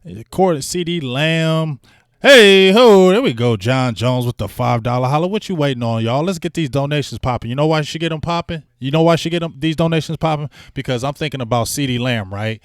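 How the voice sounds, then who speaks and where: A man hosts a sports talk livestream, chatting in an animated, slangy way and hyping up donations to his viewers. He talks fast at a medium pitch with hardly any pauses, in studio-quality sound with no echo.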